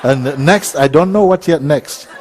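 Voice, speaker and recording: A man speaking as a spiritual teacher to a live audience, telling a gentle story with frequent chuckles. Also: on the high side, unhurried, slight background noise. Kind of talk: relaxed satsang talk.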